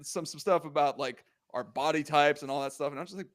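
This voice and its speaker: A young man hosting a casual sports podcast, animated and joking, heated as he rants, full of slang and filler words. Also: on the high side, quick pace, hardly any pauses. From Korean American. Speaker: podcast host.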